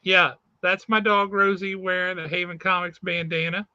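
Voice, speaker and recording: Bright-voiced chatty male comics host. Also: high-pitched, little pitch movement, moderate pace, smooth, dry recording, dull audio. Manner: chatty, easygoing, self-correcting. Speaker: comic shop podcast host. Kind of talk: casual chat and comic review. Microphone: video call.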